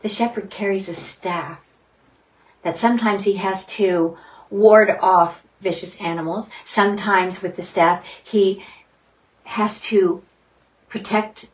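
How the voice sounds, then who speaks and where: A woman's voice: mid-range voice, fairly even intonation, slow. A woman teaching a Bible study group in a conversational style, earnest and dwelling on single words. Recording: distant mic, faint background noise.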